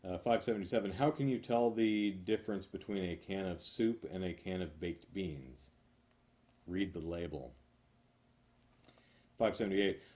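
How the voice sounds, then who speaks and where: A man reading numbered jokes aloud one after another, hitting each punchline with animated emphasis. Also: low voice. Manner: animated, punchy joke delivery with drawn-out punchlines.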